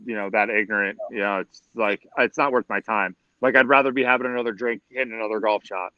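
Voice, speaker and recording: A man's voice: on the low side, steady tone, quick pace, no echo. A man with a New Jersey accent venting in loose, profane chat. The sound is slightly dull and a bit muffled, and dry, close to the mic. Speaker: guest. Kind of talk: casual chat.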